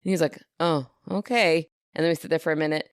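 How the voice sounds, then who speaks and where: A woman's voice: deep voice, flat delivery, racing, a little mellow, clear, resonant tone, no echo, studio quality. Chatty woman acting out a story. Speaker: podcast co-host. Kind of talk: casual chat.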